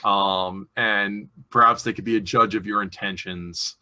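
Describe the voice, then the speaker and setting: A man's voice: fairly low pitch, fairly even intonation, measured pace, pushed and bright, no room sound, voice pushed down. Man playing a wary, weary seal informant. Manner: nervous, hesitant speech.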